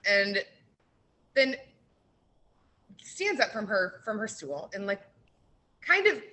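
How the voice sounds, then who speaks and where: A woman on a radio show tells a story with a high voice that jumps up and down. She sounds bright and sharp. She fills her talk with "like" and acts out what people said. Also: poor audio. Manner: lively storyteller, heavy use of "like". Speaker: brewery guest. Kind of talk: animated anecdote on radio. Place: radio studio.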